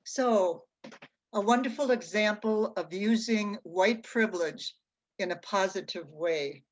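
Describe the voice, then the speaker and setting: A woman slowly reading prepared reflections aloud, point by point. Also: mid-range voice. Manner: slow, deliberate, reads points aloud.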